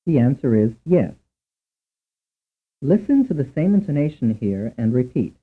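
A man reading scripted instructions for a language course in a measured, precise lecturing manner. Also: medium pitch, very animated, slightly rough. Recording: tinny narrow-band recording.

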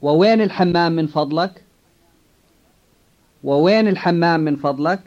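A man models phrases for a language drill, pronouncing each one with careful, deliberate precision. His voice is notably high, and the recording is dull and lo-fi. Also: darkish tone. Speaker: native speaker model in a language course. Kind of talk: slow drill repetition of phrases.

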